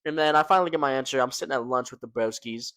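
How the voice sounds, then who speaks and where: Young male storytelling vlogger, animated slangy delivery, dry close sound. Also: mid-range voice, very fast, no echo. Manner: slangy, animated, fillers like "man" and "right?". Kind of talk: casual storytelling to camera.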